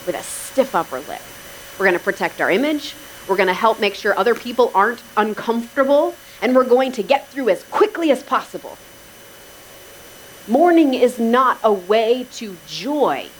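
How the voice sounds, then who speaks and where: Lady preacher, kinda high voice, chatty sermon with little jokes, faint hiss behind. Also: poor audio. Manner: conversational, wry asides to the congregation. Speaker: pastor.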